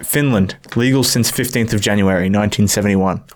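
A man's voice: lowish voice, fairly quick. A man in casual podcast chat, laid-back and giggly, reading facts off a list.

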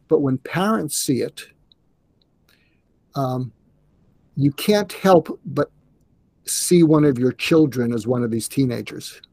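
An older man, a psychiatrist guest in an interview, speaking earnestly in a halting way with restarts. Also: medium pitch, dark tone, no echo. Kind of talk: conversational interview.

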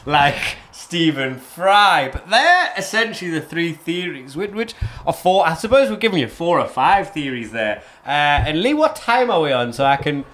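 A man's voice: fairly high pitch, sing-song, moderate pace, hardly any pauses, a bit bright. A man from North East England hosting a casual history podcast, rambling and often correcting himself. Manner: rambling, many restarts and self-corrections. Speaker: podcast host.

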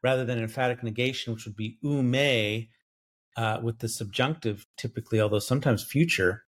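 A man's voice: mid-range voice, a little fast. A man co-hosting a Bible study podcast, lecturing on Greek grammar and thinking aloud with frequent fillers and self-corrections. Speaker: biblical scholar co-host. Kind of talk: academic bible study discussion.

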